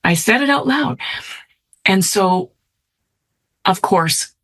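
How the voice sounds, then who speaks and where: A woman's voice: mid-range voice, expressive, slow pace, fairly bright tone. A middle-aged woman, a podcast guest, tells a personal story earnestly and reflectively, often checking in with "right?". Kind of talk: storytelling in conversation.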